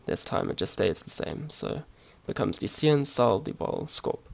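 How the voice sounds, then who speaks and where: A man explaining grammar over his slides in a relaxed, hesitant way, with many fillers and restarts. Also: lowish voice, normal speed, vocal fry. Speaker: language teacher. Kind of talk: casual slide-based language lesson.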